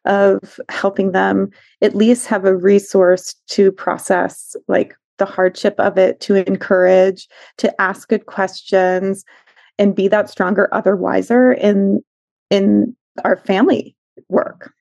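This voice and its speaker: A woman's voice: medium pitch, level tone, slow, creaky, darkish tone, no echo. Middle-aged woman therapist, guest, earnest storyteller, dry close sound. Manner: tender, earnest, acts out quoted voices. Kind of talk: conversational storytelling.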